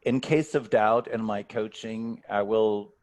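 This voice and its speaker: A man's voice: on the low side, fairly even intonation, takes it slowly, darkish tone. A man speaking as a guest coach on a video call, answering questions thoughtfully and often repeating words as he starts a sentence. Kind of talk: online workshop Q&A.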